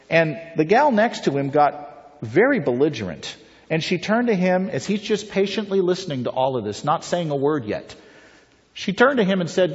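A man's voice: a little high, lively intonation, moderate pace. Man giving a persuasive talk in a reverberant hall. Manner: rhetorical, storytelling, puts questions to the audience. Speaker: pro-life speaker. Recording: reverberant, dull lo-fi hall recording.

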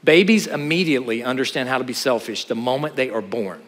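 A middle-aged man preaching a sermon to a chapel audience, animated, with joking asides and rhetorical questions. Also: mid-range voice, fast talker, few pauses. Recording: hall with long reverb.

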